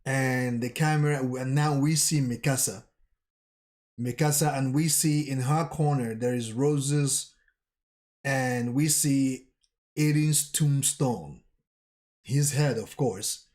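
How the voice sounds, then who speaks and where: A man talks through a manga chapter in an unhurried, casual vlog recap. His voice sits at an ordinary middle pitch. He tells the scenes haltingly, pausing and correcting himself along the way. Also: a little mellow. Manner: recounts scenes haltingly, with pauses and self-corrections. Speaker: manga vlogger.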